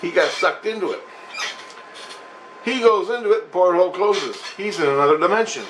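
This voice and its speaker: A man's voice: sits high, normal speed, fairly bright tone, a little hiss or hum, low-quality recording. A man telling a personal story in a rambling, profane, emphatic monologue.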